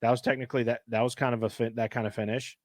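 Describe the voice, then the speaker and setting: A man co-hosting a casual podcast, telling stories in an animated way. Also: very fast, no echo, studio quality. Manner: animated storyteller, high squeaky put-on voices for jokes. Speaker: podcast co-host. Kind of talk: casual chat.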